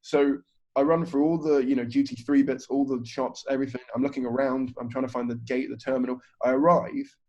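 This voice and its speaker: Comedian telling a story over a video call. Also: male voice, mid-range voice, flat delivery, fairly quick, darkish tone. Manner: swears freely, acts out other people's lines in the story. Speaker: stand-up comedian guest. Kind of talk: casual podcast storytelling. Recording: dull, lo-fi video call audio.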